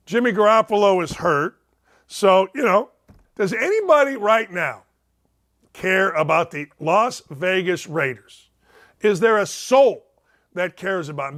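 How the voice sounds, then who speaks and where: A man's voice: sits high, fairly bright tone. A man hosting a sports talk show, delivering a blunt, sarcastic, ranting monologue.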